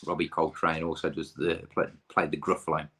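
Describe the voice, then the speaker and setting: A man's voice: extremely low pitch, flat delivery, fairly quick, a bit bright, slightly rough. A man in his thirties from the UK, hosting a pub quiz with chatty, rambling, self-deprecating asides.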